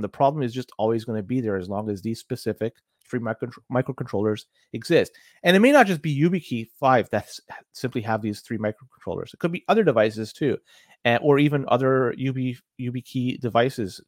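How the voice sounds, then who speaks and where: Man, podcast co-host, casual tech talk, halting explanations, dry close sound. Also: mid-range voice, no echo. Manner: explains at length, halting restarts. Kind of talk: casual tech news chat.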